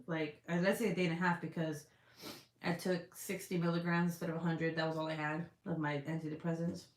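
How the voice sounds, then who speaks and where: A woman's voice: sits low, level tone, fairly quick. A young woman on a casual live stream, chatting loosely with heavy swearing, lots of fillers and frequent laughter while she reads comments. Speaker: vlogger reading live chat. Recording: roomy echo.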